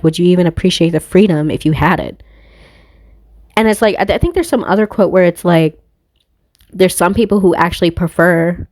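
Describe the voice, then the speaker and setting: A woman with a lowish voice muses aloud in a loose spiritual monologue as a tarot reader. She rambles, swears freely and laughs at her own thoughts. The sound is dry and close. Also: darkish tone, no room sound. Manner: rambling, profane, laughs often.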